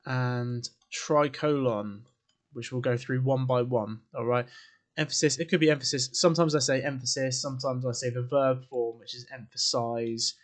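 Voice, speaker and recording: A man's voice: mid-range voice, fairly even intonation, moderate pace. A man teaching an English writing lesson to camera, informal and chatty, quizzing the viewer and adding asides. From England. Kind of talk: classroom lesson video.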